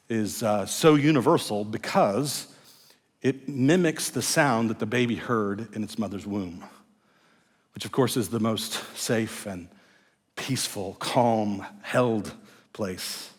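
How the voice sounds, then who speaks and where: A middle-aged male pastor preaching a sermon in a large church, moving between firm emphasis and hushed, soft phrases. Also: lowish voice, breathy edge. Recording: echoey church hall.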